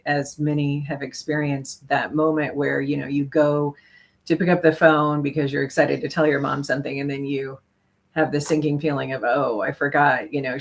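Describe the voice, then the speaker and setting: A woman co-hosting a chat show, speaking thoughtfully and laughing often. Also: low-pitched. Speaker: podcast co-host. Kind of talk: casual chat.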